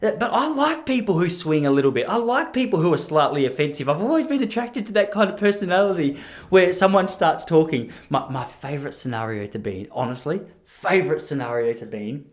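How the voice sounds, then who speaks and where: A man, rambling and joking about himself as a podcast host. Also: fairly high pitch. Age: 30s. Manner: self-deprecating, rambling with restarts and laughs. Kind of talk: solo rambling podcast monologue.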